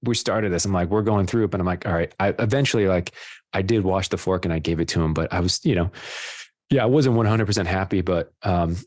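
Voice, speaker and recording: A man with a very deep voice talks in a rambling, self-deprecating way, often pausing and restarting his sentences. The sound is dry and close, with no room echo. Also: a little mellow. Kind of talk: casual radio talk.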